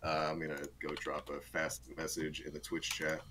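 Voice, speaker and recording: Guy with a low voice chatting on a podcast, explains things eagerly, laughs a lot. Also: normal speed, background noise. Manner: animated explaining, chuckles often. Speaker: guest pro player. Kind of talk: casual podcast chat.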